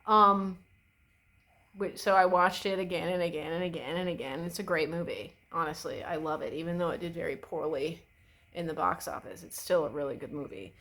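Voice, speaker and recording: A woman's voice: sits low, fairly quick, rough recording. A young woman chats away as she does her makeup, dropping swear words and speaking her mind without a filter. Her talk rambles, full of fillers and restarts, with an easy and unpolished tone. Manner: swears freely, chatty and opinionated. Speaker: beauty vlogger. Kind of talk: casual chat while doing makeup.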